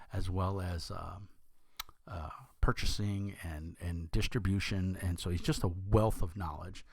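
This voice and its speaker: A young man with a deep voice, talking casually as a channel host, rambling with many fillers and restarts. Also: darkish tone, no echo. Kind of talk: casual talk to camera.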